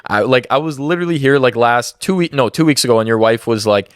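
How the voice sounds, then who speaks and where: A man's voice: medium pitch, lively intonation, fast, clean tone, no room sound, studio quality. A young man, a comedian, talking as a guest on a podcast in a laid-back, rambling way. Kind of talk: casual chat. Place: home.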